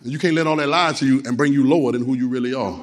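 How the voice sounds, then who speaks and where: A man preaching a sermon, leading call-and-response, repeating phrases and swinging from low, quick talk to shouted lines. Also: crowd noise. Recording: long hall reverb.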